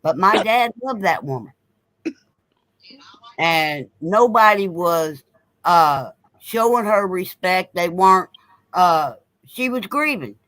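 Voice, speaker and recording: A man's voice: high-pitched, animated, slow, long pauses, pushed and bright, dry recording, rough recording. A man telling a long story in casual chat, blunt and repeating himself as he goes. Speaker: co-host.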